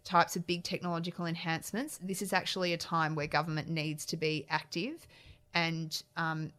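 A woman's voice: deep voice, flat delivery, moderate pace, a bit bright. An Australian woman politician answering interview questions in an earnest, frank way, often restarting her phrases. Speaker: politician, shadow minister.

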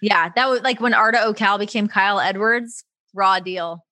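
A woman's voice: medium pitch, fairly even intonation, moderate pace, bright, forceful tone, dry recording. A young woman from Toronto with a faint Canadian accent, chatting as an interview guest, laughing often and full of "like" fillers. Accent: faint Canadian, trained toward American. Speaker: guest, broadcaster. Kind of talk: casual interview chat.

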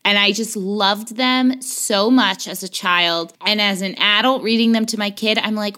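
A woman's voice: medium pitch, very animated, moderate pace, few pauses, sharp tone. A woman co-hosting a casual chat, blunt and emphatic, swearing casually. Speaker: podcast co-host.

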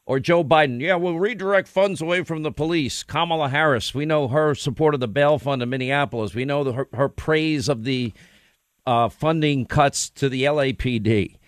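A man's voice: medium pitch, no echo. A man hosting a political opinion talk show, emphatic and combative, firing off points one after another. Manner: emphatic, combative, rapid-fire. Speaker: talk radio host.

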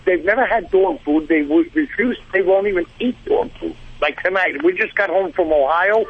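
A man's voice: sits high, normal speed, slightly rough, phone-quality sound. A man with a Brooklyn accent calling in to a radio show, a truck driver who talks in a rambling, chatty way. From New Jersey. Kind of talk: phone-in chat.

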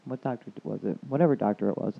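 A woman chatting casually about energy and spirituality, telling a rambling story and quoting others with a lively voice. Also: extremely low pitch, very fast, gravelly, breathy edge. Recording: tinny phone-like line.

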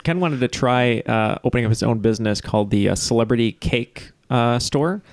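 A man's voice: mid-range voice, fairly quick, no room sound. A man co-hosting a trivia podcast, talking in a rambling way with many filler words and jokes. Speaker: podcast co-host. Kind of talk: casual trivia podcast chat.

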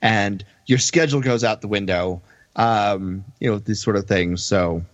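A man's voice: lowish voice, measured pace, no room sound. A man co-hosting a podcast in casual chat, easygoing and agreeable. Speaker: podcast co-host. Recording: dry, dull lo-fi audio.

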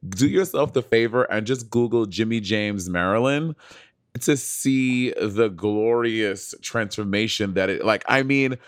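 A man's voice: lowish voice, measured pace, clean tone, no room sound, clean studio sound. A man co-hosting a podcast who gushes enthusiastically in casual chat. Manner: enthusiastic, gushing. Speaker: podcast co-host.

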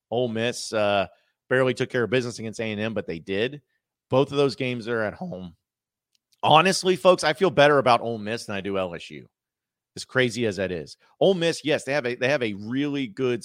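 A man's voice: mid-range voice, a bit bright, dry recording, studio quality. A man hosting a sports podcast, talking casually, rambling and correcting himself as he goes. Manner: rambling, self-correcting, chatty. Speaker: podcast host.

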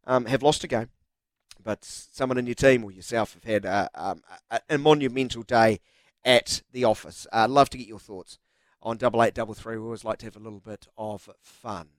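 A man's voice: mid-range voice, a little fast, dry recording. A man with a New Zealand accent hosting a sports radio show, chatty and upbeat, reading sponsor lines. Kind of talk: casual radio chat.

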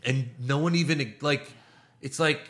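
A man's voice: mid-range voice, a little slow, fairly bright tone. A man co-hosting a casual podcast, recapping a wrestling show and mocking the wrestlers in put-on quoted voices. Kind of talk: casual chat.

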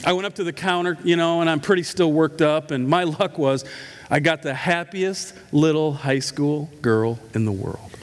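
Middle-aged male pastor, sermon storytelling, emphatic, humorous asides, high voice, long church-hall reverb. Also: normal speed. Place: church sanctuary.

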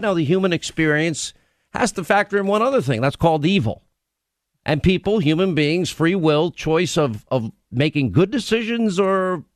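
Male radio host, emphatic and repetitive, slightly high-pitched, dry close mic. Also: dry recording. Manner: emphatic, rambling, repeats phrases. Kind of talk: opinionated radio monologue. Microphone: studio microphone.

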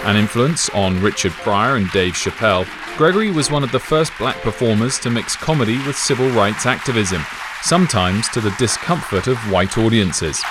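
Man narrating a documentary, calm and explanatory, soft guitar under it. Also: fairly low pitch, crowd noise. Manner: measured, explanatory.

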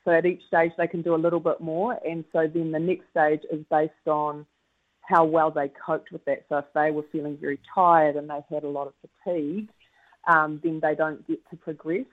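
Woman, New Zealand accent, netball coach, radio interview, measured and easy to laugh, muffled audio. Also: deep voice, little pitch movement. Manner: measured explanations, laughs easily at teasing.

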